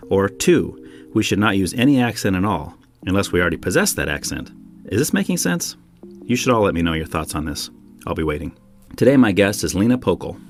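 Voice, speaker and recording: A man hosting a podcast from home, delivering a wry, opinionated monologue full of rhetorical questions. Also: low-pitched. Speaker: podcast host. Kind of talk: scripted monologue then casual chat.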